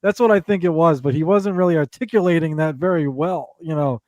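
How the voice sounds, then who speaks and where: A man's voice: on the high side, brisk, darkish tone, no echo. Rambling, profane man telling a story. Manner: profane, rambling, laughs mid-sentence. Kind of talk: casual storytelling chat.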